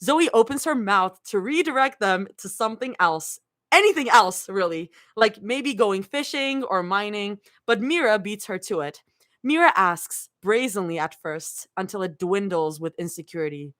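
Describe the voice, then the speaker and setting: Bright-voiced woman reading fan fiction. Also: medium pitch, expressive, moderate pace. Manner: laughs and breaks off to react. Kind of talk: live reading with reactions.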